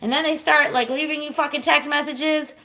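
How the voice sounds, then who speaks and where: A woman's voice: high voice, steady tone, a little fast, sharp tone. A woman in her thirties chatting casually on a livestream, telling a rambling, profane story and answering viewers. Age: 30s. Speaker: streamer.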